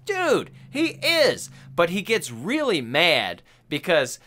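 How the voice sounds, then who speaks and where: An excitable podcast host who chats casually and swears freely as he talks. His voice is bright and sharp, and his pitch swings up and down a lot. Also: takes it slowly. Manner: excitable and profane, acts out film quotes. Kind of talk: casual podcast chat about a film.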